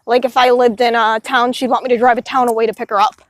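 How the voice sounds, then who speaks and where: A woman with a high voice talks through a long personal story in a loose, rambling way and keeps dropping in "you know" asides. The sound is dry and close, with no room echo. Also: flat delivery, fast. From Illinois, United States. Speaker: vlogger. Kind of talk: casual storytelling monologue.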